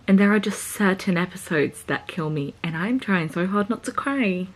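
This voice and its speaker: A woman's voice: on the low side, animated, brisk. Chatty young woman vlogging from her bedroom. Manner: chatty and self-deprecating, joking asides. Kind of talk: casual chat. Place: her small bedroom at home.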